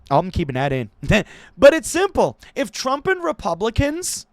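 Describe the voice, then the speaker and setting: A man reading news stories aloud and ranting about them in a profane, animated commentary for his channel, recorded on a desk microphone at home. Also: a little high, no echo. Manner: animated, swearing, laughing, ranting. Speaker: political commentary YouTuber. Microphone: new desk microphone.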